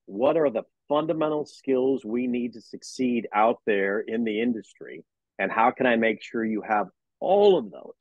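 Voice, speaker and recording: A man who teaches sports management talks as an interview guest, acting out conversations with his students. His voice is husky and a bit breathy. The sound is dry and somewhat muffled. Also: mid-range voice, normal speed, no echo. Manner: animated storyteller who acts out dialogues with students. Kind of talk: casual interview talk.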